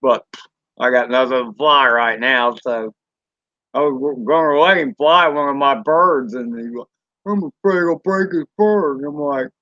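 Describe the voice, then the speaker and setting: A man with a Southern US accent chatting casually on a live stream, rambling and folksy with drawn-out fillers and mild swearing. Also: mid-range voice, sharp tone, no room sound, dull audio. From Southern United States. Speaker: drone channel host reading live chat.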